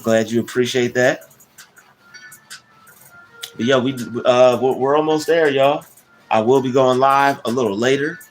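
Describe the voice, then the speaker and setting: Rambling man chatting over soft music. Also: mid-range voice, a little slow, long pauses. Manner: rambling, many restarts and slang fillers. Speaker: livestream host. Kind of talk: casual livestream chat. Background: soft background music.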